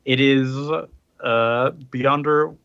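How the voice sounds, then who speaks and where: A man's voice: mid-range voice, smooth, no room sound. Man recapping comics, dull dry sound. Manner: animated recapping, quick voice switches for characters. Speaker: podcast co-host. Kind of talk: casual comic book recap chat.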